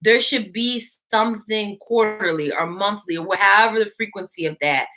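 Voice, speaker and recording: Bright-toned woman hosting a chat podcast. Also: mid-range voice, moderate pace. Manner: animated, laughs often. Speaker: podcast host. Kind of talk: casual chat.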